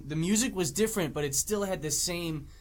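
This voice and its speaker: A young man co-hosting a movie review podcast, talking casually with halting restarts. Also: high voice. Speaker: podcast co-host.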